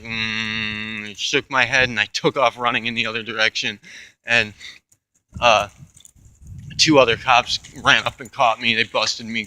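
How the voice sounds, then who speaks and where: Young man, rambling profane storyteller with a bright, pushing edge to the voice. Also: medium pitch, a little hiss or hum, low-quality recording. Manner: profane, rambling, with restarts and asides. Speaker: channel host.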